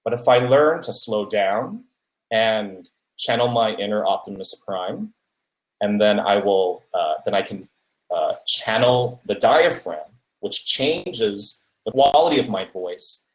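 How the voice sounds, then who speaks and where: A man with a lowish voice and slow pace hosts a podcast, casually offering public speaking advice. He uses many fillers and restarts and keeps checking in with "right?", and the recording has a roomy echo.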